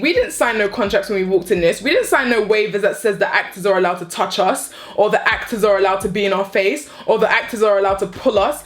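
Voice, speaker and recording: A woman's voice: mid-range voice, expressive, quick pace, hardly any pauses. A young woman, telling a story time vlog with repeated rhetorical questions. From born in the UK, raised in New Jersey and Florida. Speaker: vlogger. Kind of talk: story time, casual chat.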